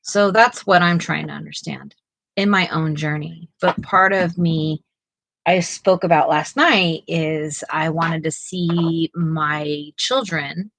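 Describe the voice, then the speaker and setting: Chatty middle-aged woman, low voice. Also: fairly bright tone, no room sound, low-quality recording. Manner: chatty, rambling, frequent fillers and restarts. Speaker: co-host of live art stream. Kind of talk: casual chat while painting.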